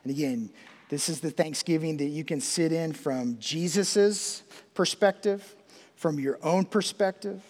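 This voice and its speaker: A man preaching a sermon as pastor, emphatic, dropping to a hush when he quotes verses. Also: fairly high pitch, a little slow. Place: church sanctuary. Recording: long hall reverb.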